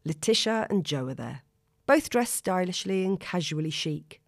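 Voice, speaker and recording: A woman narrating a story in a steady, expressive reading. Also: lowish voice, moderate pace, no room sound, clean studio sound. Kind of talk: audiobook narration.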